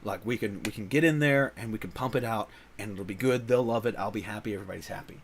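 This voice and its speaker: A man's voice: lowish voice, quick pace, a little hiss or hum. A man hosting a casual comics channel, chatting loosely about voice-over work with many fillers, restarts and laughs. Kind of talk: casual rambling chat.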